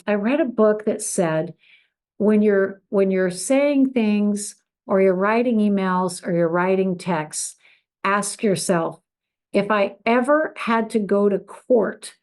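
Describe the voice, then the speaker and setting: A woman's voice: medium pitch, a little mellow. A middle-aged woman giving a coaching talk on customer service, acting out both sides of conversations with clients in a lifted voice. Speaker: business coach.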